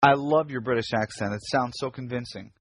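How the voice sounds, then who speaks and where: A man's voice: medium pitch, a little fast, no echo. A man hosting a fan podcast, talking in a chatty, casual way with lots of fillers and restarts. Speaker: podcast host. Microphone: computer mic on a video call.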